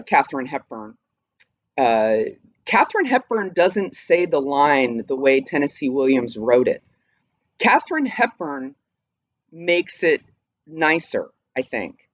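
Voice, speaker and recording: A woman's voice: low voice, no echo. Woman literature teacher, casual and thoughtful, hesitant fillers, dry close mic. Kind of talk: casual online literature lesson.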